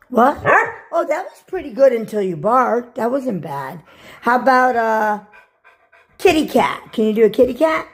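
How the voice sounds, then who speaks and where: A woman's voice: fairly high pitch, big pitch swings, measured pace. A woman talking playfully to her pet dog, coaxing and praising it. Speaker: pet owner. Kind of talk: casual talk to a pet.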